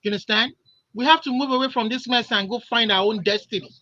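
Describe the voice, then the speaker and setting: A man's voice: very high-pitched, quick pace, sharp tone, no echo. A man calling in, talking in a heated, impassioned way and stumbling over repeated words. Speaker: caller. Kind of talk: heated call-in commentary. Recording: dull lo-fi call audio.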